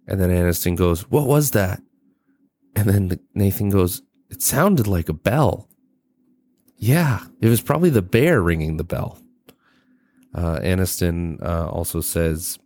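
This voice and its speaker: A man with a deep, low voice recaps a film on his podcast, casual and loose. He trails off, restarts and swears freely. The sound is dry and close, with no room echo. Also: a little mellow. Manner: rambling and profane, with many fillers and restarts. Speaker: podcast host. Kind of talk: casual movie review podcast.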